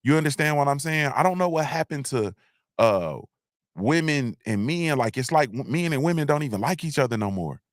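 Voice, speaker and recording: A man's voice: mid-range voice, lively intonation, brisk, dry recording. Male livestream host, casual rambling monologue, mid-range voice, dry close sound. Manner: rambling, repeats himself, frequent restarts, slangy.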